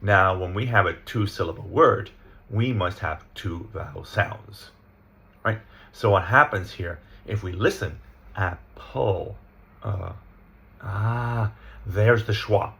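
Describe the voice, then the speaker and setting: A man's voice: deep voice, measured pace, bright, forceful tone. A man teaching English pronunciation from slides. He explains step by step, reads example sentences aloud and often checks in with "right?" and "okay?". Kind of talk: slide-based lesson.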